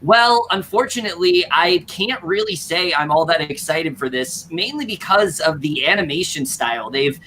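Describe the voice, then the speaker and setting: A man's voice: on the high side, lively intonation, normal speed, few pauses, bright, forceful tone, slight background noise. A young man hosting a casual film preview, leading segments and teasing his co-hosts. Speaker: host.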